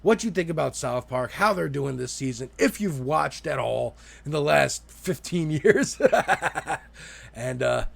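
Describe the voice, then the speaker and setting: Gravelly guy doing a chill sweary tv review, laughs a lot. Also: on the high side, animated, a little slow. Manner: loose, profane, laughs often. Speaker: TV show reviewer. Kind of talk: casual spoken review.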